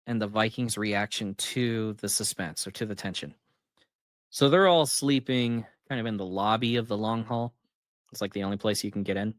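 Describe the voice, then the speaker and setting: A man hosting his own channel, chatting through a movie plot with real enthusiasm. He jumps his voice way up when quoting characters and laughs between beats. The sound is close and dry, with no room echo. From United States. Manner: animated storyteller, acts out quotes with big pitch jumps and laughs. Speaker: author and channel host. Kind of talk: casual movie retelling to camera.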